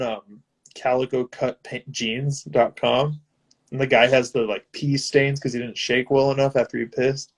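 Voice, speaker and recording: An eager man talking as a guest on a video call. He retells things with excitement and fills his speech with casual fillers. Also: medium pitch, unhurried. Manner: enthusiastic, filler-heavy retelling of sketches. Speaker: guest musician.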